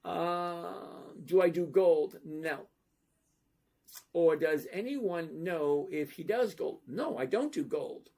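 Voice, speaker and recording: Guy on a livestream chatting with viewers, slow steady talk, keeps saying okay?. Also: on the high side, creaky. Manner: slow, emphatic, repeats "okay?" to check understanding. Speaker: livestream host answering viewer questions. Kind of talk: casual livestream chat about stocks.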